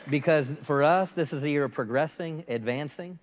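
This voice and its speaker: Man in his 50s, host pastor, halting introduction, long church reverb. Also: a little high. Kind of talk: introducing a guest speaker. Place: church sanctuary.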